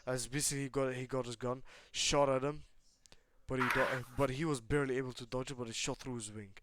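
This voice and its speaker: A man's voice: mid-range voice, steady tone, quick pace, heavy background noise. A young man telling a fan story in casual chat, rambling and swearing as he goes. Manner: rambling, many fillers and restarts, swears.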